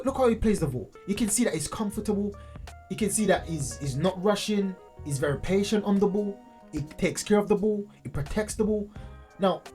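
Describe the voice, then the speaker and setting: A man hosting a fan channel, commenting casually and excitedly over highlight clips, often repeating himself and restarting sentences. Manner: excitable, repeats phrases, many restarts and fillers. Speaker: football fan channel host.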